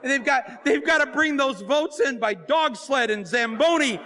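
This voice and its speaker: High-pitched guy doing a funny storytelling talk at a book fair, jokey, acts stuff out. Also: moderate pace, a little hiss or hum. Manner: animated, joking, acts out scenes and voices, often breaks into laughter. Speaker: author and filmmaker giving a talk. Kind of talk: comic storytelling to a live audience.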